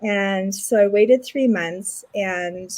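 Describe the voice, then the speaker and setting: A woman's voice: mid-range voice, takes it slowly. Chatty middle-aged Canadian woman storyteller. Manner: animated retelling with lots of acted quotes. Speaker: interview guest. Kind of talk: casual storytelling.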